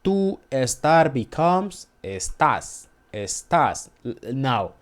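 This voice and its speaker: A man gives an informal language lesson in a mid-pitched voice. He talks slowly and haltingly, restarting phrases and repeating words so the listener can practise them. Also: very animated.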